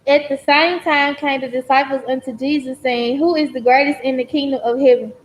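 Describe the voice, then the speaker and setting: A high-voiced woman from the class reads a scripture verse aloud at a steady pace. She is recorded in a church with a faint rumble underneath. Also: fairly quick, poor audio. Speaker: class member reading scripture.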